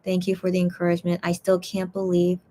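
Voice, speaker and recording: A woman's voice: lowish voice, completely flat delivery, quick pace, dark tone, slight background noise. A tired woman hosting a casual livestream, chatting in a rambling way and reading fan comments aloud. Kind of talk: casual chat.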